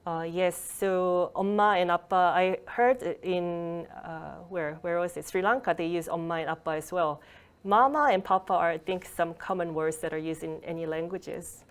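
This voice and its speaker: A woman's voice: fairly low pitch, steady tone, brisk, clear, resonant tone. Patient woman lecturing over a video call. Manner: patient explaining, with fillers and occasional laughs. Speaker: Korean language lecturer. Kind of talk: online workshop lecture.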